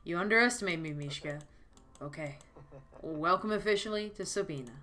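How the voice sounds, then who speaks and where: A woman voicing a confident, reassuring man in a game, speaking in a calm, assured way. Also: fairly low pitch, fairly quick. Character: confident, reassuring male recruiter.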